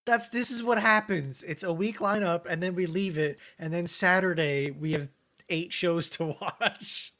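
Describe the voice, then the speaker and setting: A man's voice: sits high, measured pace, sharp tone. A young man co-hosting a casual chat, easygoing and agreeable, often laughing. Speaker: podcast co-host.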